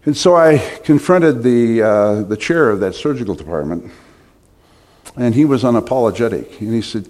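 A man's voice: mid-range voice, expressive, normal speed, a little mellow. A middle-aged man preaching a sermon, telling stories with emphatic, rising stresses.

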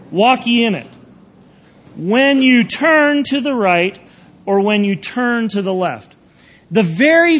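Guy preaching, slow and unhurried, talks right to the room, muffled old recording. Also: very high voice, fairly bright tone, husky. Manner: earnest, conversational, checks in with listeners. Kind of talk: sermon.

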